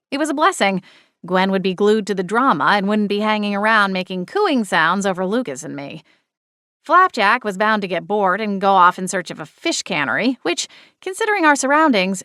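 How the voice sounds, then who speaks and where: A woman narrating a cozy mystery audiobook in first person, expressive and playful. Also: mid-range voice, dry recording, studio quality.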